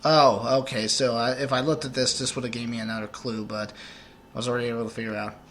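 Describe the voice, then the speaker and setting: A man's voice: mid-range voice, little pitch movement, fast talker, a bit bright, a little hiss or hum. A man giving rambling, joking let's play commentary while he plays.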